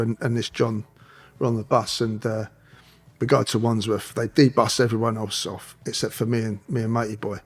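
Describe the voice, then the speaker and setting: A middle-aged man telling a rambling, profanity-filled story as an interview guest. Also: medium pitch. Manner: swearing, rambling, streetwise anecdotes. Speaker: guest, former police officer.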